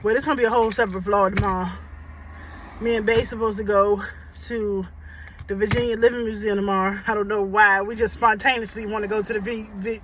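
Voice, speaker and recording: A woman vlogging casually to her viewers, loud and profane and laughing often, talking about being a mother. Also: mid-range voice, fairly even intonation, a little fast. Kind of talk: casual vlog chat. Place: outdoors and in a car. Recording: noisy background.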